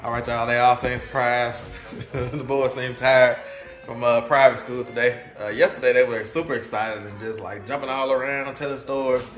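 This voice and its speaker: A man's voice: medium pitch, fairly even intonation, moderate pace, fairly bright tone, faint music behind. A man with a Southern US accent, casually vlogging from his kitchen at home as a father, chuckling and repeating words as he talks. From Mississippi, US.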